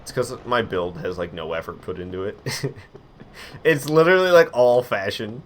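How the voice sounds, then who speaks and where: A young man chatting through a live game stream, quick to get frustrated and poking fun at himself. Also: on the low side, expressive, slight background noise. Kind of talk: casual live-stream commentary.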